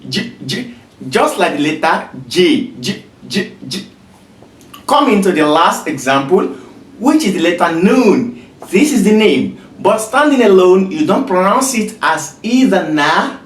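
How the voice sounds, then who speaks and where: A patient teacher walks beginners through letter sounds at an unhurried pace, saying each sound again and again. The voice moves up and down lively. It is heard from a little distance in an echoey room. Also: medium pitch. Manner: patient, repeats each sound many times. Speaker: Arabic teacher. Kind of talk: slow beginner lesson with repeated sounds. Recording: roomy echo, voice away from mic.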